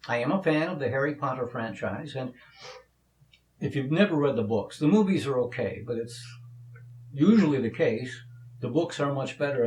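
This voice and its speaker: Chatty man in a roomy room. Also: medium pitch. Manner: opinionated, chatty, with small stumbles and laughs. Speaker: video blogger and actor. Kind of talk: casual commentary to camera.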